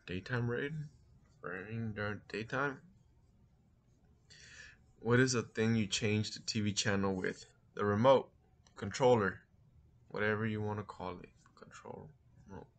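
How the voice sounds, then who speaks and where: A vlogger in his thirties from East Los Angeles, California, speaks with an East LA accent in a lowish voice, a little slowly and with long pauses. He casually answers accent tag questions, thinks aloud, and mixes in a few Spanish words.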